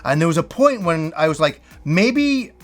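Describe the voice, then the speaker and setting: Brief: middle-aged man, slightly high voice, excitable rambling vlog host, faint music underneath. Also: moderate pace. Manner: enthusiastic, rambling storyteller who acts out quotes. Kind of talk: casual reminiscing vlog.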